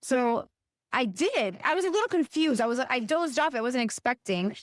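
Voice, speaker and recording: A woman's voice: sits high, sing-song, normal speed, no room sound, studio quality. A middle-aged woman co-hosting a podcast, telling a story in a casual, hesitant way with many restarts and fillers. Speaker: podcast co-host.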